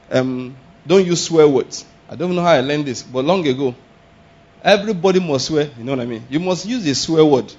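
A man preaching a sermon, animated and often laughing, firing rhetorical questions and shouting exclamations. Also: a little high, breathy edge. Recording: dull lo-fi sound.

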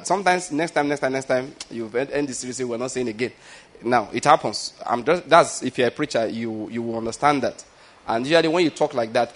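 A man preaching a sermon in a loose, conversational way, often asking the congregation whether they follow him and restarting his sentences. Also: medium pitch. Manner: conversational preaching, frequent rhetorical questions and restarts. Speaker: pastor.

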